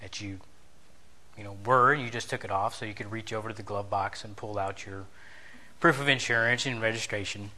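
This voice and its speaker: A man's voice: on the low side, fairly even intonation, fairly quick, pushed and bright. A man giving a conversational sermon lesson, telling a story, acting out bits of dialogue and asking his listeners questions.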